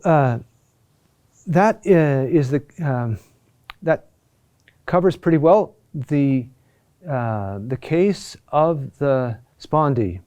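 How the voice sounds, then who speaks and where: Slow, mellow-voiced man teaching chant. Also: a little high. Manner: slow, deliberate, with frequent "huh?" checks and pauses. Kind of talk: recorded lesson on chant rhythm.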